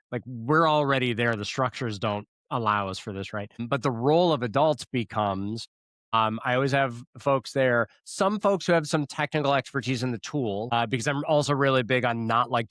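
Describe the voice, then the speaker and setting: A man's voice: medium pitch, a bit bright, dry recording. A man from Ohio, a guest on an education podcast, explaining his ideas thoughtfully in casual interview chat. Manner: thoughtful, restarts and fillers while explaining.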